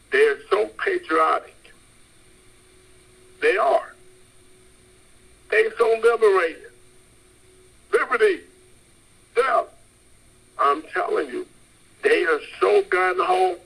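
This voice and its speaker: A preacher gives a rambling street-style sermon, emphatic and insistent, repeating his points again and again. His voice is on the high side, pushed and bright with vocal fry and a breathy edge, and the recording quality is low.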